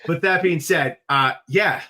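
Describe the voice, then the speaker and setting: Bright-voiced man making blunt sports predictions. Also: a little high, measured pace. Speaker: podcast guest. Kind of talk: casual sports chat.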